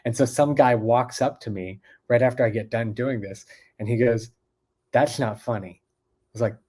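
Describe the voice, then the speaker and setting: A man with a mellow, easygoing manner, chatting casually as a guest and telling stories. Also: medium pitch, steady tone, normal speed. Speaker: guest, card magician. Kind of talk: casual chat.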